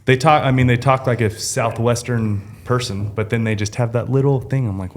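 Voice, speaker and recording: A man's voice: medium pitch, moderate pace, a little hiss or hum. A man co-hosting a podcast, telling stories and joking in casual chat. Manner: animated storytelling, joking. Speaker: podcast co-host.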